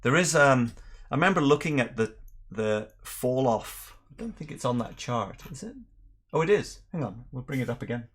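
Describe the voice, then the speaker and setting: A middle-aged man from Northern Ireland, with an accent mixed with English, hosting a relaxed whisky livestream and chatting through viewer questions. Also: mid-range voice, normal speed, husky. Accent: mixed Northern Irish and English. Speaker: whisky channel host. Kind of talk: casual livestream chat.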